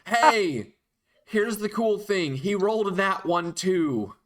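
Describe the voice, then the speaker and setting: A man narrating a tabletop game as dungeon master, animated and quick to laugh. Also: high voice, a crowd in the background.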